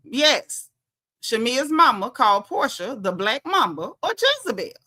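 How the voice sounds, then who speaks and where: A woman's voice: fairly high pitch, big pitch swings, a little slow, bright, forceful tone. A woman doing casual reality TV commentary for her viewers, sassy and emphatic, repeating her punchlines for effect. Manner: talks straight to viewers as y'all.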